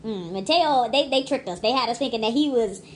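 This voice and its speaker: A woman's voice: fairly high pitch, expressive, fairly quick, a little hiss or hum. A young woman casually rambling through a movie review, chatty and emphatic with lots of restarts.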